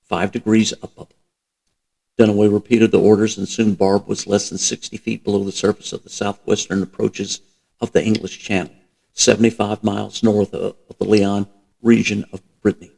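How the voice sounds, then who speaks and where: Low, gravelly man reading a novel. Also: little pitch movement, a little fast, mellow, rough recording. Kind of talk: audiobook-style reading.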